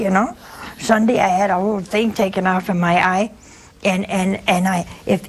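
A woman's voice: medium pitch, husky. A woman hosting a religious call-in show, preaching in a folksy, anecdotal, conversational way and telling stories. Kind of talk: spiritual talk and storytelling.

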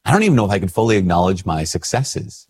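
A man's voice: low voice, very animated, quick pace, a little mellow, breathy edge. A male priest in a casual, reflective talk to camera, chatty and self-deprecating as he tells a story.

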